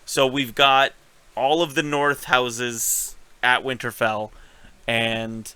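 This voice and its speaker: A man co-hosting a casual recap podcast, animated and swearing, acting out scenes as he talks. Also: mid-range voice, slow pace, clean tone, no room sound, poor audio. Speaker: podcast co-host.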